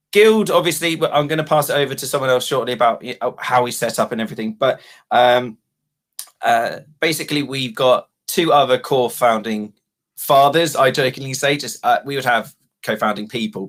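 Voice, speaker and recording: A man's voice: mid-range voice, a bit bright. A man talks casually as a guest on a livestream. He rambles, fills gaps with ums and pokes fun at himself. His voice sits in an ordinary middle range. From England. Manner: self-deprecating, rambling, lots of ums. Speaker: guest, guild founder.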